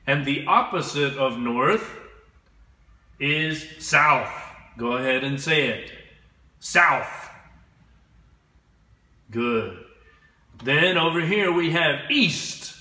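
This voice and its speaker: A man teaching English to children, speaking slowly and clearly and having them repeat words after him. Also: on the high side, animated, pushed and bright, roomy sound. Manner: slow, clear, drills words for repetition. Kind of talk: slow classroom instruction.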